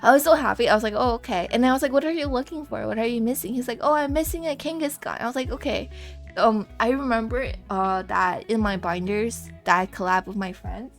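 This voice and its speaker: Young woman, live streamer, giggly, rambling, self-deprecating, higher voice, faint music behind. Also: fast talker. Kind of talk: casual live-stream chat while drawing.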